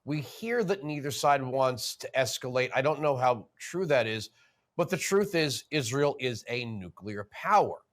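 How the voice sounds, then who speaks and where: A man hosting a political talk show, asking questions in an animated, sarcastic way. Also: mid-range voice, unhurried.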